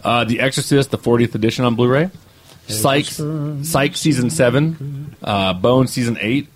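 A man's voice: mid-range voice, a little slow, husky. A man hosting a casual podcast, rambling through a list of new releases with lots of fillers. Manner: rambling, filler-heavy listing. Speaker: podcast host reading release news. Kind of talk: casual chat.

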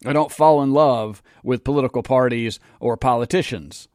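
A man's voice: medium pitch, moderate pace, a little mellow, no echo. A middle-aged man with a sarcastic, emphatic manner, delivering an opinionated monologue in a studio as host. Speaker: political commentary host.

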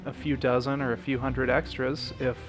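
A man with a mid-range voice riffs in an improvised comedy chat. He speaks in a dry, halting, mock-serious way, often restarting his phrases. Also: medium pitch, level tone, music in the background.

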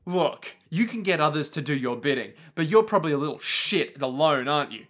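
A defiant monster hunter , played by a man, throwing scorn at a rival, his voice fairly high for a man. It stays close to an everyday speaking voice, with a taunting edge. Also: expressive, fairly quick, a bit bright. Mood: scornful.

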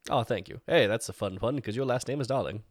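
A man's voice: mid-range voice, quick pace, dry recording. A man playing a tabletop game in character, earnest and chatty. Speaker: player.

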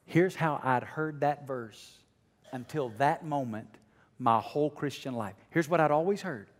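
High, animated preaching man in an echoing hall. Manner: swings from hushed to near shouting. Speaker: pastor. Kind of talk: sermon. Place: church sanctuary.

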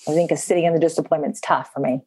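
A woman's voice: deep voice, fairly even intonation, racing, warm tone, slightly rough. A woman talking openly about her daughter's disappointments during a coaching session, thinking aloud and laughing at herself. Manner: open, self-reflective, laughs easily. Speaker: coaching client and mother.

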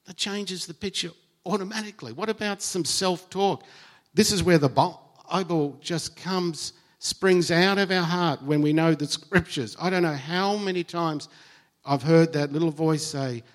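Male preacher, sermon delivery, chatty and earnest, drops soft then builds to emphasis. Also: on the high side, unhurried. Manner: conversational, earnest, swings between soft and emphatic.

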